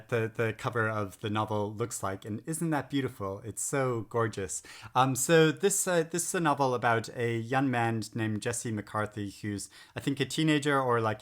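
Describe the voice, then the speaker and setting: A man's voice: mid-range voice, fairly bright tone. A middle-aged man talking through new books in a casual vlog, enthusiastic and rambling with frequent hesitations. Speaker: book vlogger. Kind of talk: casual book-haul chat. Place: home in England.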